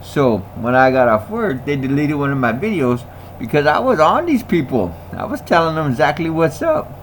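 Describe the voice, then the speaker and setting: A man's voice: fairly high pitch, big pitch swings, normal speed, slight background noise. A man in a casual ranting monologue who repeats himself, laughs often and talks in slang. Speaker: vlogger.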